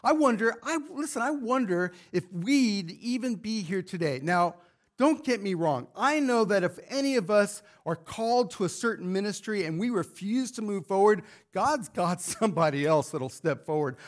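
Guy preaching in church, pretty high voice, fired up and pushing questions at the crowd. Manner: fervent preaching, building to emphatic rhetorical questions. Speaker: pastor. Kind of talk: sermon. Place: church sanctuary with congregation.

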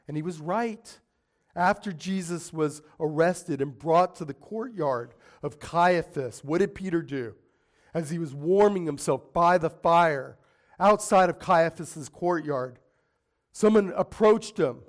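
A man with a high-pitched voice delivers a sermon as dramatic storytelling. He swings between hushed, slow passages and forceful, acted-out quotes. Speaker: pastor.

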